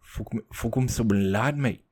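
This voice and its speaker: A man doing a gruff cocky Irish fighter. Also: a little slow, a little mellow, natural voice. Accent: put-on Irish. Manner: low, gruff, mumbled, clipped lines ending in "mate". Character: brash Irish male fighter, cocky and rowdy.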